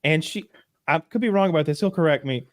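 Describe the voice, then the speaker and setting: A man's voice: fairly high pitch, fast. A man from the southern United States chatting as a podcast co-host, rambling through stories with swearing and restarts. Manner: rambling storyteller, profane, full of restarts. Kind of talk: casual chat.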